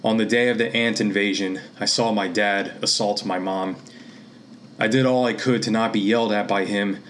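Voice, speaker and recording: A man from Pennsylvania reads a literary short story aloud, steady and measured in his delivery. His voice sits on the lower side, with a faint wash of background noise under the recording. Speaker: author and reader. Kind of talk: reading literary fiction aloud.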